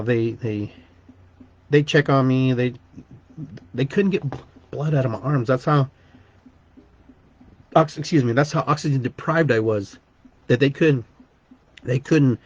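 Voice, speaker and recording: A man's voice: medium pitch, darkish tone, muffled recording. Man rambling through a personal story. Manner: rambling, repeats words and restarts sentences. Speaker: podcast host.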